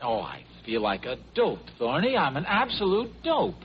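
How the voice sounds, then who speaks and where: An actor playing a flustered husband who stammers sheepishly, in 1950s radio sitcom style. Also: male voice, a little high, wildly swooping pitch, normal speed. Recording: muffled old radio broadcast with faint hiss.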